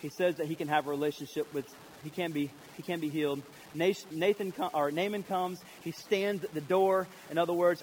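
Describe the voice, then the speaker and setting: A male pastor delivering a sermon in a fairly high voice. He is animated and slips into character voices as he tells the story. Faint noise sits under the recording. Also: brisk, rough recording. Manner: animated, acts out voices of biblical figures.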